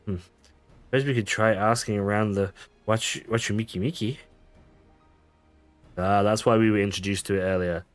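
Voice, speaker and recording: A man's voice: on the low side, steady tone, normal speed, long pauses, soft background music. A man streaming a game, reading the dialogue aloud with frequent stumbles, self-corrections and laughs. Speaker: gaming streamer.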